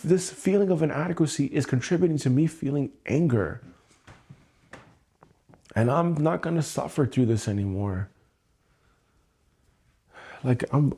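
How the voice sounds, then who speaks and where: Husky, exasperated man venting late at night. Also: measured pace, pauses often, dark tone. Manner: angry, swearing, exasperated; keeping his voice low so as not to wake someone. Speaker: livestream host. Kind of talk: emotional livestream venting. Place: home at night.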